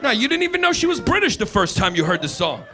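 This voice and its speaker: A middle-aged man from the United States doing a live stand-up set, ranting brashly and profanely with loud mocking impressions, on a comedy stage with a handheld mic. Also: high-pitched, big pitch swings, fast talker, crowd noise. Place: comedy stage before a laughing audience. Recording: noisy live club recording.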